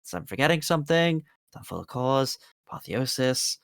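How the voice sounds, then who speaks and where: In a dry, studio-quality recording, a UK man with a medium-pitched, animated, creaky and slightly bright voice talks at a moderate pace. He's a tabletop game stream player winding things down with casual, rambling, self-mocking chat and plugs for his projects.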